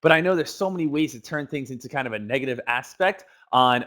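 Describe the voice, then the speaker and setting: A man's voice: mid-range voice, fast, fairly bright tone. A young man giving a casual day-trading lesson, talking freely with lots of "you know" fillers.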